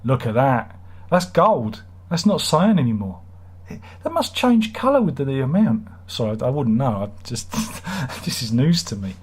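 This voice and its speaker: A man's voice: mid-range voice, very animated, moderate pace, few pauses, husky. A man hosting a casual live stream, reading out viewer comments and joking in a rambling, self-mocking way.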